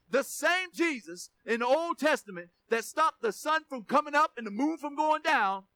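A man's voice: very high-pitched, sharp tone, no room sound. A man preaching a sermon to his church, emphatic, often repeating words and asking for an amen. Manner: emphatic, repeats words, asks congregation for amens. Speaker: pastor.

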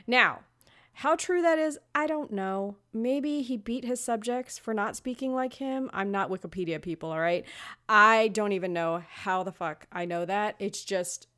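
A woman's voice: medium pitch, a little slow, fairly bright tone. A woman from Los Angeles co-hosting a podcast, chatting casually, swearing freely and laughing at her own jokes. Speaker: podcast co-host. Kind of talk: casual chat.

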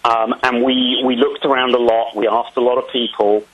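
A man being interviewed about making a film, answering in a casual, halting way with many ums and restarts. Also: medium pitch, level tone, slightly rough, dull audio.

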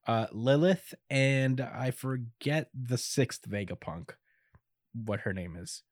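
A man's voice: mid-range voice, slow pace, no echo, clean studio sound. A man in casual chat recapping an anime episode, laid-back and chuckly, with lots of fillers.

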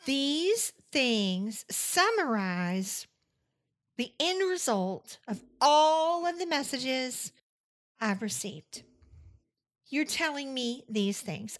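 A woman's voice: high-pitched, sing-song, drawn-out words. A woman with a Southern US accent hosting a faith-based podcast monologue, emphatic and fond of repeating phrases for effect. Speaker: podcast host.

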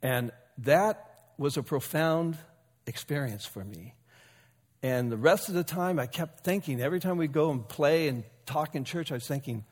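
Chatty pastor telling a story in a reverberant hall. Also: male voice, fairly high pitch, expressive, moderate pace, breathy edge. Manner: conversational, self-deprecating with chuckles. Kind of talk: sermon storytelling.

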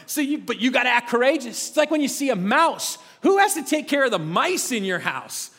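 A man's voice: extremely high pitch, big pitch swings, a little fast, vocal fry, fairly bright tone. A middle-aged man preaching a sermon in a conversational, self-mocking storytelling way, often restarting his sentences. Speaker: pastor. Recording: long reverb of a large hall.

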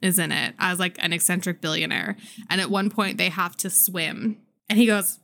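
A woman's voice: medium pitch, fairly quick, gravelly. A woman in her thirties co-hosting a podcast, chatting casually and telling a story with lots of laughter. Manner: playful, laughing, animated storytelling. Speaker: podcast co-host. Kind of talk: casual chat.

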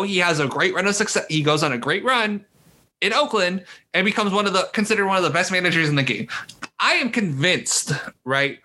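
Ranting young man, lively and bright. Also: sits high. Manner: heated, swearing, ranting. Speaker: podcast co-host. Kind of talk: casual sports podcast chat.

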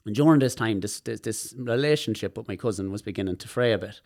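An Irish man, a guest on a podcast, telling personal stories in an animated way and swearing freely. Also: on the low side, fast talker, few pauses. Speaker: guest, movement specialist. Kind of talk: podcast conversation.

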